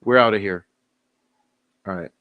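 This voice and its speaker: A man's voice: on the low side, unhurried, narrow, tinny audio. A man hosting a livestream, casually joking with his chat and laughing often, a little tipsy. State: tipsy, giggly. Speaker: livestream host. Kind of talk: casual live chat sign-off.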